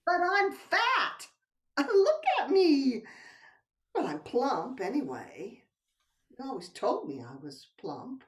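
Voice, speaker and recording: A woman's voice: medium pitch, sing-song, a little slow, a little mellow, far from the mic. An older woman acting a playful wife who teases and coaxes her husband, in a stage play performed over a video call. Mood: indignant. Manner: coaxing, teasing, drops to whispers. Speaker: actor in a play. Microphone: computer mic on a video call.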